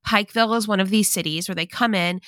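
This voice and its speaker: A young woman co-hosting a podcast, chatting casually and giving her opinions in quick bursts. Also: mid-range voice, a bit bright, no room sound, studio quality. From Kentucky, United States. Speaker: podcast co-host. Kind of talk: casual chat.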